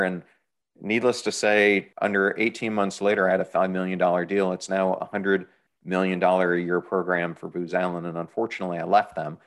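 A middle-aged man telling a story in a relaxed, matter-of-fact way during a casual interview. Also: low-pitched, fairly quick.

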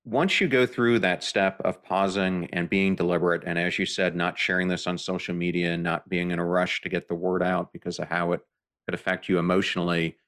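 Deep-voiced man hosting a podcast. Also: level tone, fairly bright tone. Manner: deliberate, earnest questioning. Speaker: podcast host. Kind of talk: podcast interview.

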